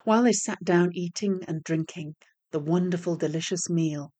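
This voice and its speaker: A woman reading a folk tale aloud, in a measured and expressive storytelling manner. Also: lowish voice.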